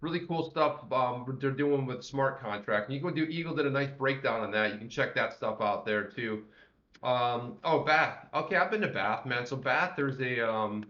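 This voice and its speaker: This livestream co-host is a man whose voice sits at medium pitch and moves at a moderate pace. His casual chat wanders as he greets viewers by name, and the audio sounds roomy and a little dull.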